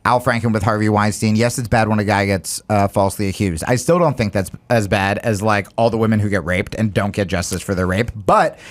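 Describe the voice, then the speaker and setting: Candid rambling man, lowish voice. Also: fairly even intonation, a little fast, hardly any pauses. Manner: candid, rambling, self-deprecating. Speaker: comedian guest. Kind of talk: casual talk-show chat.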